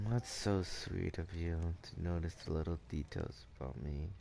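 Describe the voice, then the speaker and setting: A sleepy young man streaming a game, chatting to his viewers in a drowsy, drawling monotone with lots of "like" and "dude". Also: sits low, vocal fry, slight background noise. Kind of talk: casual live-stream chat while gaming.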